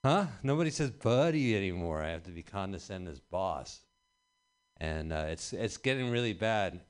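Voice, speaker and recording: Low-voiced male comic, thirties, rambling and deadpan with sudden loud punches, small-room open mic. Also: normal speed, pauses often, clear, resonant tone. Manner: rambling deadpan delivery with bursts of loud emphasis. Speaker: stand-up comedian. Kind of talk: stand-up set at an open mic. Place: small comedy venue.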